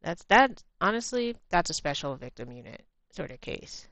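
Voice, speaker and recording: An American woman chatting casually on a livestream while drawing, laughing easily, swearing bluntly, and sometimes dropping to a quiet mutter as she works. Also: on the low side, big pitch swings, moderate pace, no echo. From United States. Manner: drifts to quiet murmurs while working. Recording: muffled lo-fi stream audio.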